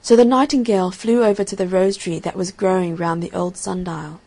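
A woman narrates a fairy tale in a soft, measured voice. Her storybook reading is calm and even, a little quieter than the lines she acts out. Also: fairly low pitch.

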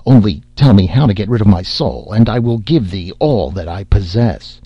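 Earnest, reckless young fisherman, a man reading him, deep and breathy, dry sound. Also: animated, moderate pace, no echo. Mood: pleading. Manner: earnest, pleading. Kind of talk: audiobook character reading. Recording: slightly dull lo-fi audio.

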